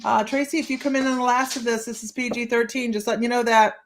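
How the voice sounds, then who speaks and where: Over a noisy background, a woman with a slightly high voice and steady tone talks fast. Giggly and chatty, she hosts a laid-back live psychic-reading stream, reading cheeky card lines aloud with frequent bursts of laughter between remarks.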